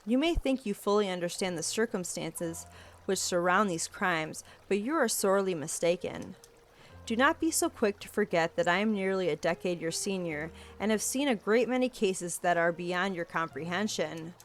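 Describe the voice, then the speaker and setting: Brief: a woman playing a stern senior detective, formal and measured, game read. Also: fairly low pitch, expressive, slight background noise, lightly acted. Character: cold, formal older investigator, condescending.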